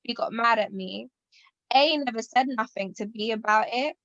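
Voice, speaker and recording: A woman's voice: on the high side, normal speed, gravelly, no echo, muffled recording. A woman in her twenties co-hosting a podcast, telling a story in a rambling way and acting out what people said. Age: 20s. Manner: rambling, animated, acts out quotes. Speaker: podcast co-host. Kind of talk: casual chat, storytelling.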